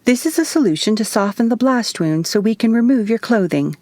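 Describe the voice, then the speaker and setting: A woman voicing a brisk female demon doctor who speaks in a clipped manner. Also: on the high side, lively intonation, darkish tone, dry recording, voice pushed up, close to an everyday voice. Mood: clinical. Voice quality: clipped speech.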